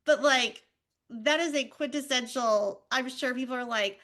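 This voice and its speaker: A woman in her thirties, a podcast co-host, telling animated stories in casual chat with plenty of fillers. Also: high voice, a little slow. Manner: animated storytelling with many fillers.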